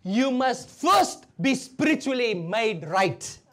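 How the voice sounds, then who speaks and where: A woman preaches with fervour, drawing the congregation into call and response. Her voice sits fairly high and swings widely in pitch. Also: slow pace. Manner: animated preaching mixing English and Hindi, call and response. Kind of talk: sermon.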